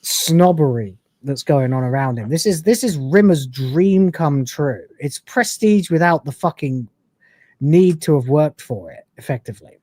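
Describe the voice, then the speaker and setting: A man's voice: a little high, lively intonation, measured pace, darkish tone, no room sound. A man hosting a live-stream review show, retelling episodes in a rambling way with many fillers. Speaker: host.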